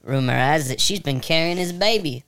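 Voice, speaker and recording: A man voicing a gossiping male talking mongoose in a high put-on voice. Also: expressive, normal speed, a bit bright, clean tone.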